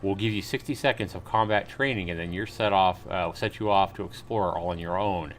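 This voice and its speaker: A man's voice: low voice, brisk. A man live-streaming a game, reading on-screen text aloud and chatting casually with viewers as he plays. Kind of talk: live gameplay commentary.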